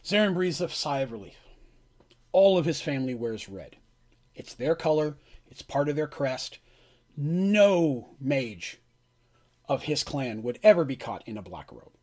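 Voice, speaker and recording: Husky man narrating a tabletop game. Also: mid-range voice, unhurried, pauses often. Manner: relaxed, rambling narration with restarts. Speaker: game master.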